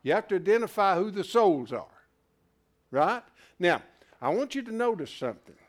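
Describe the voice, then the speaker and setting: A man teaching a Bible class, animated, who keeps asking rhetorical questions and restarting his words as he thinks aloud. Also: sits high, normal speed.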